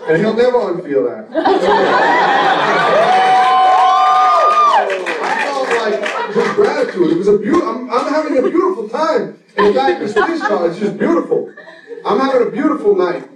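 A man's voice: extremely high pitch, wildly swooping pitch, measured pace. A man in his forties telling a loose, profane story on stage in a laid-back street manner. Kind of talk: live comic storytelling. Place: stage before a laughing audience. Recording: echoey room from a distant mic. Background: crowd laughter.

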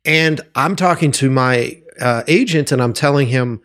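A man's voice: medium pitch, normal speed, a bit bright. A man from Boston hosting a podcast, telling a candid story with lots of swearing and emphasis. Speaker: podcast host. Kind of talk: candid interview chat.

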